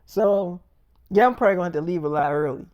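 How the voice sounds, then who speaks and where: A man with a high voice spins a rambling story in loose, profane slang. He stammers and restarts as he goes and chains quotes with "I'm like". The sound is close and dry, with no room in it. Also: fast, darkish tone, no echo, highs cut off. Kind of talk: casual rambling storytelling monologue.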